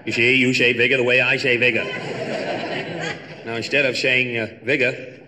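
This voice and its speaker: A man playing a self-assured middle-aged president with a strong Boston accent, talking in clipped phrases broken by drawn-out ums, on a reverberant 1960s comedy record. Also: mid-range voice, little pitch movement, a crowd in the background, natural voice. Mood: wry. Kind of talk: 1960s comedy album sketch.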